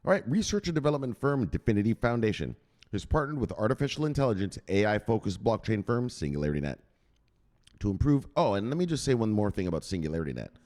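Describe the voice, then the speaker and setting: A man's voice: on the low side, sing-song, fast talker, a little mellow. A man presenting crypto news, reading an article aloud and breaking off into casual, chatty asides to his viewers. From United States. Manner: chatty, digressive, asks viewers to google things.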